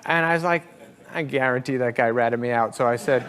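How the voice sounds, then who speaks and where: A middle-aged man, a talk show guest, tells comic stories in a relaxed, animated way, often laughing and acting out the voices of the people he quotes. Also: mid-range voice, brisk, crowd noise. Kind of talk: casual comic storytelling. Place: television studio with live audience. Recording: studio audience laughter and noise. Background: audience laughter.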